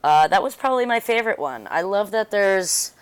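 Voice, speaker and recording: Young woman, podcast co-host, skeptical, laughs a lot, casual swearing, mid-pitched. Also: very animated, a little fast, smooth. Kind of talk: casual chat.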